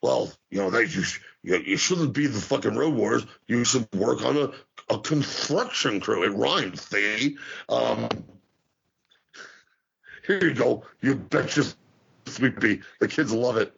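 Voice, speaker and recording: A man doing a quick impression of a pushy old wrestling promoter who rambles folksy advice. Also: mid-range voice, creaky, a bit bright, husky, full character voice. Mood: bossy. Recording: dull lo-fi audio.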